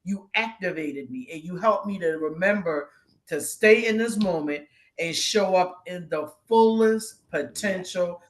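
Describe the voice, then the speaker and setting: A woman's voice: on the low side, measured pace. A woman co-hosting a casual chat, telling an emotional story and acting out quoted voices. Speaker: guest co-host.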